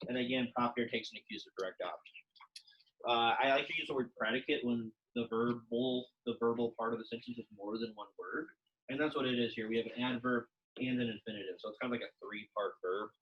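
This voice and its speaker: A man's voice: medium pitch, quick pace, dull audio. A young man teaching a Latin class, explaining grammar in a chatty, informal way full of fillers, speaking to a classroom and online students. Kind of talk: classroom lesson, casual explaining.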